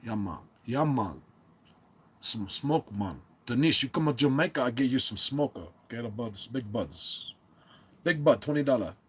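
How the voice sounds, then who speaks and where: A man voicing a laid-back, made-up island guy peddling weed, drawling and husky. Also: medium pitch, lively intonation, normal speed. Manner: drawling, repetitive "yeah, man".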